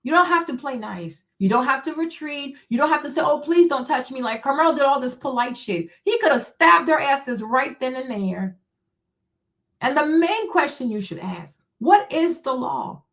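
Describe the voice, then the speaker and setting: High-voiced woman ranting on a stream. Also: animated, normal speed, a bit bright. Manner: confrontational, mocking, profane; rhetorical questions, answers herself. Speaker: streamer host. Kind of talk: live-stream rant answering chat.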